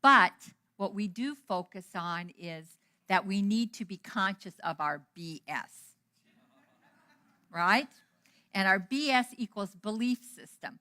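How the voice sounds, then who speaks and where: A middle-aged woman minister giving a storytelling sermon, animated and acting out the dialogue she quotes. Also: medium pitch, slow. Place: church hall.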